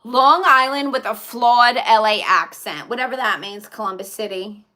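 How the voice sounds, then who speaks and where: A woman's voice: fairly high pitch, moderate pace, sharp tone. A woman live streaming in casual chat, reading viewer comments aloud and answering them in a chatty way.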